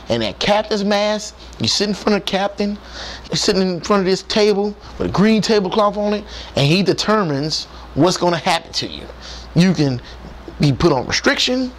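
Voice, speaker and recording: A man's voice: high-pitched, slight background noise. A man who is a former Navy submarine technician, telling sea stories in a casual, profane, colloquial way and talking straight to his viewers. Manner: animated, profane, colloquial, addresses viewers directly. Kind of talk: casual storytelling.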